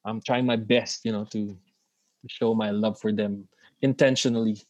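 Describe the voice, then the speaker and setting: A man who is a father of daughters, co-hosting a casual podcast chat and talking in halting bursts with many restarts and self-conscious laughs. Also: fairly low pitch, steady tone, a little mellow, no room sound. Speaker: podcast co-host.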